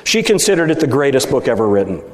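A man's voice: medium pitch, big pitch swings, fast. A middle-aged man, a Baptist preacher, giving an emphatic sermon to fellow preachers and often asking them whether they agree. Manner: emphatic, rhetorical, seeking agreement from the audience. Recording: echoey hall, speaker at times off mic.

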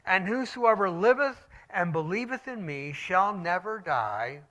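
A man preaching a sermon, reading scripture slowly and solemnly and swinging between loud declaiming and hushed near-whispers. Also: high voice, lively intonation.

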